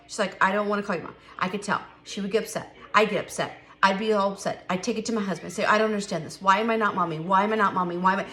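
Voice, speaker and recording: A woman's voice: mid-range voice, sharp tone. A middle-aged woman chatting candidly to camera, emphatic and given to repeating herself. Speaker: vlogger. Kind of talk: casual chat to camera.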